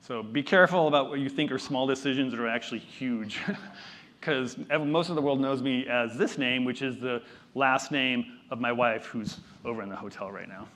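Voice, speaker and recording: A man's voice: mid-range voice, normal speed, a bit bright. Casual, joking male conference keynote speaker. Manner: conversational and self-deprecating, with joking asides. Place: conference stage before a live audience.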